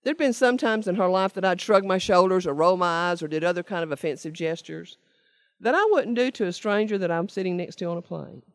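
A woman's voice: on the low side, a little fast, no room sound. Older woman telling her story to a meeting, earnest and emphatic, dry close-miked sound. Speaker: speaker sharing her recovery story. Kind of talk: personal testimony talk to a meeting.

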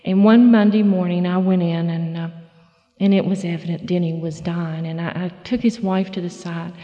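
A middle-aged woman telling her recovery story at a meeting, folksy and halting, full of fillers and restarts. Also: lowish voice, fairly even intonation, dark tone, long reverb tail, dull audio. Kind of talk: personal testimony talk.

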